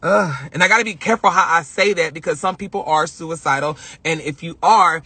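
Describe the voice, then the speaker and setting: A man's voice: on the high side, fairly quick, bright, forceful tone, breathy edge, no room sound. A man talking on a phone live stream from a car, heartfelt and rambling, often repeating himself. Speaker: vlogger. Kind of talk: emotional live-stream monologue.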